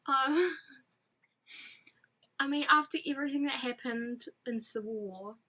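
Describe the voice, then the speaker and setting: A woman's voice: sits high, unhurried, pushed and bright, poor audio. A woman vlogger chatting casually and effusively as a fan, rambling with frequent fillers and restarts. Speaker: fan vlogger reviewing a film. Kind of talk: casual chat.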